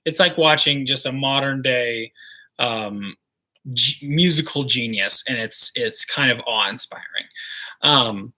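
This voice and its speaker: A young man co-hosting a casual livestream chat about singing, talking in an enthusiastic, chatty way with quick asides. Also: medium pitch, sharp tone. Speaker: co-host of a singing channel.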